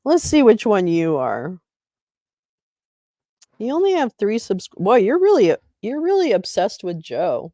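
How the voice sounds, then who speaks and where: A woman's voice: medium pitch, big pitch swings, slow pace, pauses often, warm tone, no room sound, clean studio sound. A woman hosting a livestream, reading legal text aloud and breaking off into sarcastic, chatty asides to her viewers. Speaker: livestream host.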